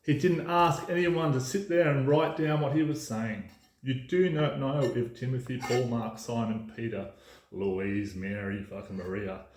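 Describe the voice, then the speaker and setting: A man's voice: medium pitch, steady tone, measured pace, a little mellow, slight background noise. A man delivering an emphatic, ranting casual monologue as a podcast host, swearing freely. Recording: roomy echo.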